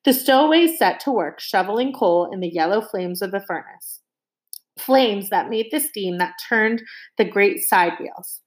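A woman narrating a children's adventure novel aloud in an expressive, animated reading. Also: mid-range voice, a little slow, low-quality recording. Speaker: audiobook narrator. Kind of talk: storybook narration.

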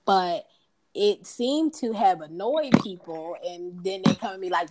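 A woman's voice: lowish voice, unhurried, very noisy. A woman co-hosting a casual conversation, animatedly acting out dialogue as she tells stories. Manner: animated storyteller, acts out dialogue.

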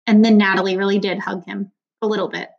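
A woman reading an audiobook narration, even and steady. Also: medium pitch, quick pace, creaky, muffled recording. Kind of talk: scripted narration.

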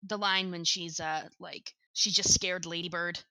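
A woman co-hosting a casual podcast chat, excitable and quick to laugh, swearing casually. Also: on the low side, clean tone, no echo. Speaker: podcast co-host.

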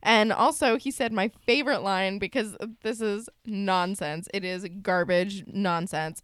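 A woman's voice: mid-range voice, measured pace, clean tone, no room sound, studio quality. A young woman co-hosting a podcast, blunt and exasperated, cursing at the characters. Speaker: podcast co-host. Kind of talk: casual recap chat.

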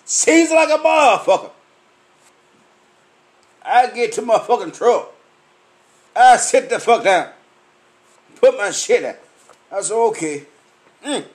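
A man, ranting angrily and profanely about food in a swaggering comic way. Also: sits high. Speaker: vlogger. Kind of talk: profane rant.

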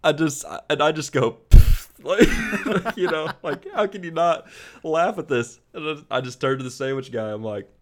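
A man co-hosting a casual podcast, telling a story in a relaxed way and laughing as he goes. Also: on the high side, normal speed, hardly any pauses. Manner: laid-back, laughs while telling stories. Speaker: podcast co-host.

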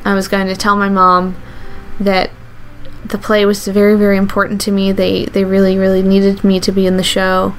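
A woman recounts a true story from her own life, speaking earnestly and haltingly, often starting a phrase over. Her voice sits at a middle pitch. A faint hiss runs underneath. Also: monotone. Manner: earnest, halting delivery with restarts. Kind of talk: first-person true story told to an audience.

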